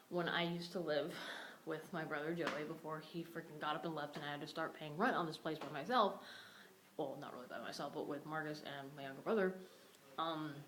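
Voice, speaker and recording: A woman's voice: deep voice, a bit bright, a little hiss or hum, rough recording. A young woman vlogging casually, upset and venting about a family fight, swearing freely. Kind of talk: casual vlog rant.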